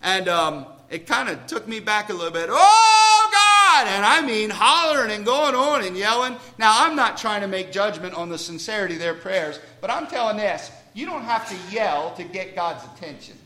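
A man's voice: high voice, lively intonation, moderate pace, hardly any pauses, bright, forceful tone. A man preaching a sermon to a congregation in church, conversational, asking questions and joking about himself. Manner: self-deprecating humor.

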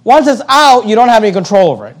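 A male pastor with a notably high voice delivers a sermon. He drives his points with repetition and rhetorical questions. He slows right down to read the scripture verses. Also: sing-song. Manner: reads scripture slowly and deliberately.

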